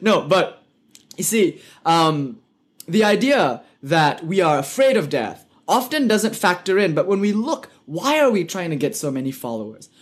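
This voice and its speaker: British guy teaching spirituality online, bit higher voice, earnest, asks lots of rhetorical questions. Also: very animated, measured pace. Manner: earnest, rhetorical questions, light joking asides. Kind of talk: live online lecture.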